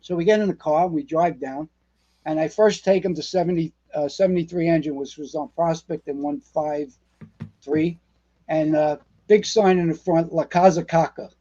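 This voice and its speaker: Brief: a retired fire captain in his sixties, Bronx-born, New York accent, higher-pitched voice, swears freely while telling old stories. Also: normal speed, lo-fi sound. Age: 60s. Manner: salty, profane, animated storyteller. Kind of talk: storytelling interview.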